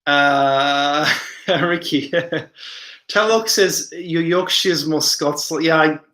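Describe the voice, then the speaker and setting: A tired man hosts a late-night live chat, reading out viewer comments and wandering off into long asides. His voice sits a little high and has a sharp, forceful edge. The room around him rings with a noticeable echo. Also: drawn-out words. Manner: rambling, reads comments aloud and answers them. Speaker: live stream host.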